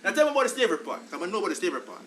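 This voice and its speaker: Talking in rapid-fire patois, this Jamaican podcast co-host keeps things animated and casual, addressing everyone as "brother" constantly. He has a high voice, and the rough recording picks up a bit of background noise.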